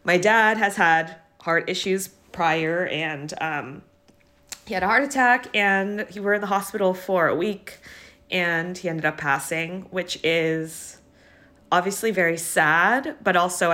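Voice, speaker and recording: A young woman co-hosting a podcast, talking casually and haltingly with many fillers, teary and laughing through it. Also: fairly low pitch, pushed and bright. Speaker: podcast co-host. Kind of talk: casual chat.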